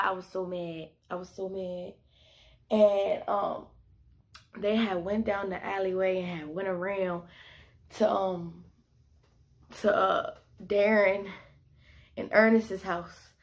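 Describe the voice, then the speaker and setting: Young woman, vlogger, casual storytime, animated, filler-heavy. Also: medium pitch, measured pace, long pauses. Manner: animated, quotes herself in bursts.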